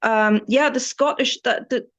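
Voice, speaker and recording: A woman's voice: on the high side, unhurried, fairly bright tone, muffled recording. A German-born woman in her forties, with an English accent tinged by the British Isles, telling stories as a tour guide in an enthusiastic, rambling way with many restarts. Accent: British Isles-influenced English. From East Germany. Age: 40s. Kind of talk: casual interview storytelling.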